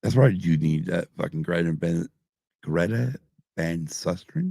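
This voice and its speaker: A man's voice: low voice, lively intonation, measured pace, vocal fry, warm tone, no room sound, clean studio sound. A middle-aged man hosting a podcast live stream, rambling and swearing constantly while drinking. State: drinking, tipsy. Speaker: podcast host. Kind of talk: casual live-stream chat.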